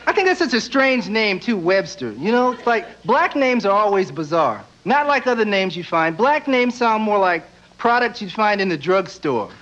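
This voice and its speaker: A young man doing a stand-up comedy routine on a TV stage, with deadpan asides and quick silly voices. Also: high-pitched. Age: young adult. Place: TV studio stage before live audience. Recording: dull VHS broadcast audio with loud audience.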